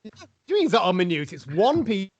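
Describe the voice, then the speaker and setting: A man co-hosts a podcast in a chatty, self-deprecating way. His voice is high. He talks over a video call. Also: sing-song, fast, dull audio. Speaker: podcast co-host. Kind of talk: casual podcast chat.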